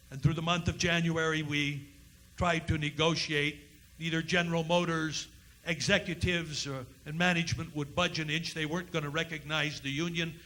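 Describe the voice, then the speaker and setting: A man giving a dramatic first-person historical monologue on a college forum stage, oratorical and impassioned, with slow emphatic build-ups. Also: on the high side, bright, forceful tone, poor audio. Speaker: historical reenactor.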